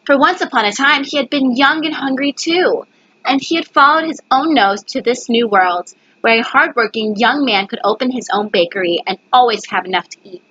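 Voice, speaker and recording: A woman's voice: on the high side, normal speed, fairly bright tone, husky, no room sound, muffled recording. A woman reading a picture book aloud, stumbling over words and correcting herself. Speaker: reader. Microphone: webcam.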